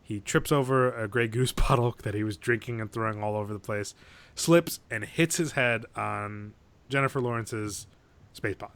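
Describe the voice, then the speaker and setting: On a podcast, a male co-host with a fairly low voice and a clean tone retells a movie at a moderate pace. He's casual and animated, swears freely, and acts out lines from the film.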